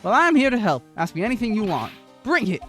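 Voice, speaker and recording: A streamer voicing a brash, gruff male police detective in a game who keeps calling people "pal". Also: mid-range voice, sing-song, quick pace, fairly bright tone, faint music behind, voice pushed up. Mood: cocky. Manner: gruff and blustery, says "pal". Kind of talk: voice acting while playing a game.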